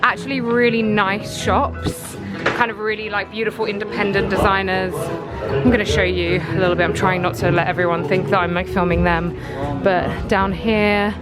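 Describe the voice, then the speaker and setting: A woman's voice: medium pitch, level tone, normal speed, over loud music, poor audio. A young woman talking to her camera in a casual vlog, chatty and rambling in an upbeat way. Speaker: lifestyle vlogger.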